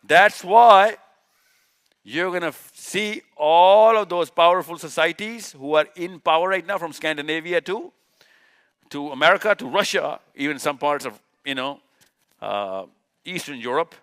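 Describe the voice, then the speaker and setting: A man with a fairly high, bright voice lectures a live audience in an event hall. He is emphatic, pounds on repeated words, and fires off rhetorical questions that he answers himself, while clicking through slides. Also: expressive, a little slow, smooth. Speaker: speaker.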